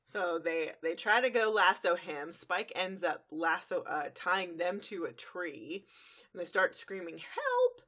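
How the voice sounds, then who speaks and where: A woman's voice: fairly low pitch, unhurried, bright, forceful tone. A woman co-hosting a casual chat, narrating a cartoon episode's plot in long run-on sentences with fillers. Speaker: podcast co-host recapping an episode.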